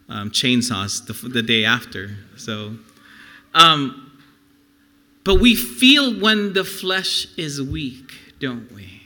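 A man's voice: mid-range voice, sharp tone. A middle-aged man preaching a sermon, earnest and conversational, asking the congregation questions. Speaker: pastor.

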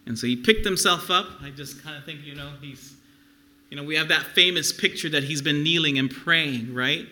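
Bright, high-voiced man preaching slowly. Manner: earnest, conversational preaching with audience questions. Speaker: pastor. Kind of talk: sermon.

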